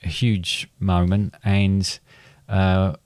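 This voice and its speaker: A man's voice: low-pitched, flat delivery, extremely slow, a little mellow, clear, resonant tone, dry recording, studio quality. A middle-aged man, a father and podcast co-host, chatting casually and rambling with many restarts and fillers. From England. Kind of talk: casual chat.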